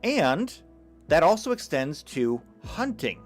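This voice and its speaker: A man's voice: fairly high pitch, slow pace, soft background music. A man giving a live lecture, talking emphatically and stumbling over a few restarts. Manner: animated, emphatic, with occasional stammered restarts. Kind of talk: live lecture reading chat comments.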